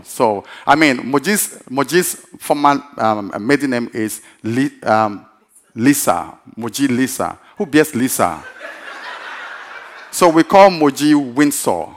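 A male pastor telling a story in a sermon, animated and repetitive, often breaking into laughter. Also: medium pitch, measured pace, slight background noise.

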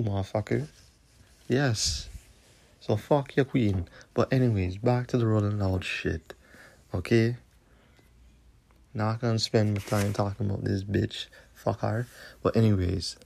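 Podcast host, male, deep and dark, confrontational and profane. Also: a little slow, gravelly, long pauses. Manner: profane, confrontational ranting with repeated tag questions. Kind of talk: solo podcast rant.

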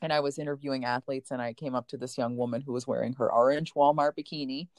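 A woman's voice: rumbling low, steady tone, fast, a little mellow, dry recording. Woman coach, emotional storyteller. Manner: emotional, close to tears while telling a story. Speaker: guest, competition coach. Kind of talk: heartfelt storytelling in conversation.

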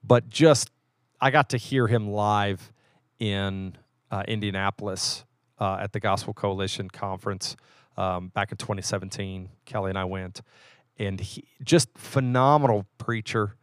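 A man's voice: lowish voice, steady tone, measured pace, no room sound, studio quality. A man, a pastor from West Virginia, chatting casually and easygoing on a podcast. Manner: easygoing, stops and restarts, warm enthusiasm. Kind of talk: casual chat.

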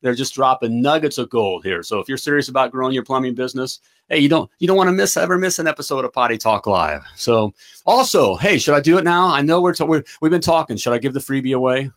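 An excitable man hosting a live plumbing business show, hyped up and stumbling over his words. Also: medium pitch, fast talker. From United States. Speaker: host of a plumbing business livestream.

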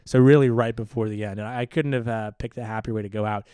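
Animated man telling a story, smooth voice. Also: lowish voice, fast talker, no echo, clean studio sound. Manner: animated, rambling, stammers and restarts. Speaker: podcast co-host. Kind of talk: casual storytelling chat.

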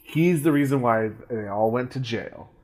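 A man's voice: mid-range voice, normal speed. A man co-hosting a podcast, casually recapping a horror film, rambling with frequent fillers, restarts and laughs. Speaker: podcast co-host. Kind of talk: casual movie recap chat.

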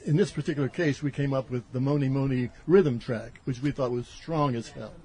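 An older man, a musician guest, telling a story in a chatty, halting way with ums. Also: medium pitch, dark tone. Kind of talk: casual storytelling.

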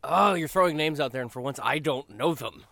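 A man's voice: on the high side, fairly quick, gravelly, no room sound, clean studio sound. A man co-hosting a casual gaming chat, telling stories emphatically and swearing for effect. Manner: emphatic, swearing, animated storyteller. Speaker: podcast co-host.

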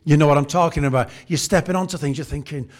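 A man's voice: fairly high pitch, quick pace. A man preaching a humorous sermon, telling chatty everyday stories and acting out the scenes. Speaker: pastor.

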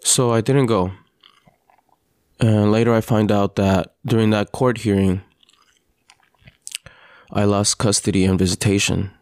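A father hosting a podcast, telling his story in an earnest, halting personal monologue with frequent restarts. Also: fairly low pitch, steady tone, darkish tone, smooth, no echo, studio quality. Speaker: podcast host.

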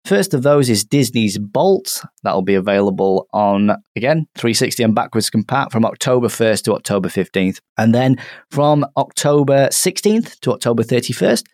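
A Northern English man hosts a gaming podcast, chatting casually with joking, self-mocking banter at his own expense. His mid-range voice is darkish in tone, with lively intonation and a normal pace. The sound is clean studio audio with no echo.

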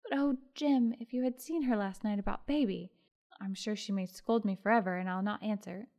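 A woman reading the part of a gentle, shy young mother, soft and earnest. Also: medium pitch, normal speed, lightly acted. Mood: tender.

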